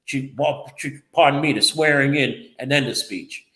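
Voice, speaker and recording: A man's voice: mid-range voice, normal speed, fairly bright tone, roomy sound, low-quality recording. A man co-hosting a local political talk show, defensive and rambling as he explains himself. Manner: defensive, rambling, repeats the other host's name. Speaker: co-host and local reporter. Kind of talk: casual political chat show.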